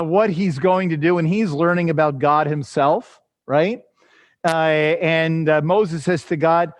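A man teaching through the Psalms in a loose, conversational way, full of fillers and "right?" checks, slowing down to read scripture aloud. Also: high voice, no echo. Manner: reads scripture slowly and deliberately. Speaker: Bible teacher. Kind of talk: informal Bible teaching.

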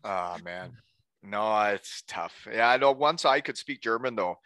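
A man's voice: lowish voice, animated, measured pace, pushed and bright, clean tone, no room sound. A middle-aged man hosting a casual chat, joking and talkative, close to a mic. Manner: joking, chatty. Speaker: podcast host. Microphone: studio mic.

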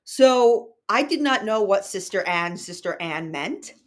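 A woman's voice: medium pitch, lively intonation, unhurried. Young woman hosting a book podcast, chatty, explains stuff, medium voice. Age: young adult. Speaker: podcast host. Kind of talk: casual book discussion.

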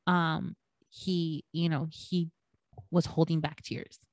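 A woman's voice: low-pitched, flat delivery, takes it slowly, no echo. A young woman co-hosting a podcast, telling stories in a casual chat full of fillers and swearing. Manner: swears freely, storytelling with lots of fillers. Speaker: podcast co-host.

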